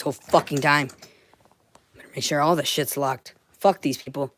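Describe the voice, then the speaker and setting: A woman's voice: low-pitched, steady tone, normal speed, a bit bright. A woman ranting to her livestream viewers from home, swearing constantly. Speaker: vlogger.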